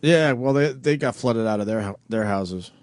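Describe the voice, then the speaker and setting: A man's voice: medium pitch, normal speed, dry recording. A man hosting a radio show in casual banter, teasing his crew and laughing often. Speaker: radio host.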